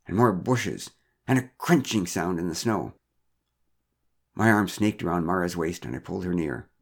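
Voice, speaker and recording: A man narrating a personal story with wry, dry humor. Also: lowish voice.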